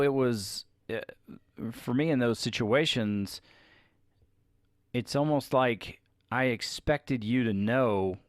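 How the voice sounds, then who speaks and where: Male co-host, slightly low voice, dry close sound, candid confessional talk. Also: no echo. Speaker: podcast co-host with his wife. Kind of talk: casual chat.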